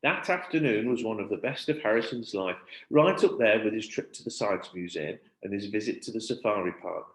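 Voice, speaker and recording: A male primary school teacher reading a children's book aloud in an expressive storytelling manner. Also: on the low side, brisk, few pauses. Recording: roomy echo.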